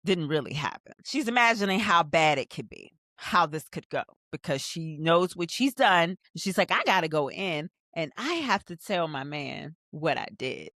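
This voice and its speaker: A woman hosting a rewatch show, recapping a TV episode in casual commentary and acting out the characters' lines, sometimes jumping into high excited bursts. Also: moderate pace, dry recording, studio quality. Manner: animated, acts out scenes in quoted voices. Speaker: rewatch podcast host.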